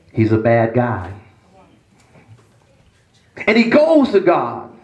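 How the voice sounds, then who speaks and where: A man's voice: big pitch swings, very slow, long pauses, roomy sound, poor audio. A man, a pastor, preaching a sermon with emphatic, dramatic delivery. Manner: emphatic, dramatic swings between low and raised delivery. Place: church.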